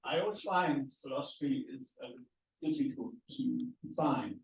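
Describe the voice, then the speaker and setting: A man's voice: mid-range voice, normal speed, vocal fry. Hesitant man asking from the floor. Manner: hesitant, with many fillers. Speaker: audience member asking a question. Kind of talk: question from the floor. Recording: roomy hall, far from the mic, dull.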